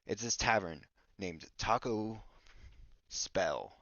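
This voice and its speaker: A man's voice: on the low side, animated, slow pace, fairly bright tone, no echo. A man hosting a podcast who rambles goofily through a story recap and keeps bossing his co-host around, on a dull lo-fi recording. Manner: goofy, rambling, mock-bossy toward his co-host.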